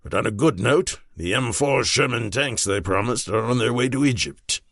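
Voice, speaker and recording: A man voicing a gruff, commanding aging British prime minister in an audiobook. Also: medium pitch, animated, normal speed, fairly bright tone, no echo, studio quality.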